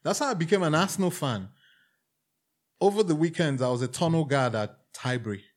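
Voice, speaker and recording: A Nigerian man in his forties, a music executive telling his life story as a guest on a casual interview show, animated and fond of acting out the voices he quotes. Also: a little high, brisk.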